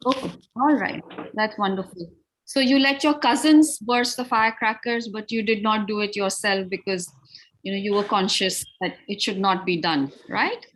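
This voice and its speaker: A woman's voice: mid-range voice, normal speed, a bit bright, a little hiss or hum. A woman with an Indian accent teaches spoken English on a live video call. She is patient and encouraging, and moves freely between English and Hindi as she explains. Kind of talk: live online teaching session. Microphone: video call over Wi-Fi.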